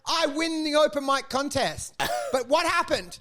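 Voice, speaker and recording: With a very high, sharp voice and an unhurried pace, this comedian and podcast co-host spins meandering funny stories in relaxed conversation, frequently laughing and imitating the voices of those he quotes.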